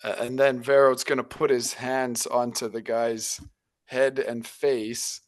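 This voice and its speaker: A man voices his tabletop character with a folksy drawl and homespun sayings. His voice sits at an ordinary middle pitch. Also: flat delivery, takes it slowly, no echo. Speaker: player. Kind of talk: in-character tabletop role-play.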